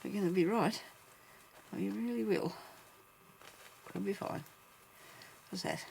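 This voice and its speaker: Gravelly-voiced woman crafting and musing aloud. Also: medium pitch, slow, darkish tone, a little hiss or hum. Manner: chatty, muses to herself, laughs often. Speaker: crafting vlogger. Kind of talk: casual crafting chat, thinking aloud.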